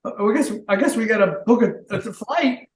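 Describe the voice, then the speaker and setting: A man telling his comeback story as a podcast guest, earnest and full of faith, with bursts of excitement. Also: high-pitched, normal speed. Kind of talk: casual interview chat. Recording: roomy echo.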